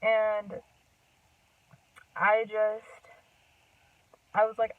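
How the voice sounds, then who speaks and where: A young woman chats to her camera, telling a long personal story in a loose, rambling way and filling pauses with "like" and "um". Her voice sits in a middle pitch and sounds thin and phone-like. She is set back from the microphone. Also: fairly even intonation. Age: young adult. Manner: chatty, rambling, full of "like" and "um", laughs often. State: a bit out of breath. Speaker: vlogger. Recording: distant tinny phone-like sound.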